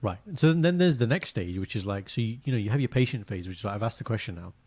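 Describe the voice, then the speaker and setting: A young man co-hosting a casual podcast, telling animated stories and acting out quotes in a high voice. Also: fast, breathy edge. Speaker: podcast co-host. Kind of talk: casual chat.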